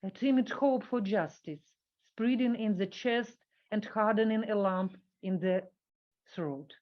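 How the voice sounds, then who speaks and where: A woman giving a workshop talk, reading an academic paper from a script and halting with fillers when she speaks off the cuff. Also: medium pitch, highs cut off.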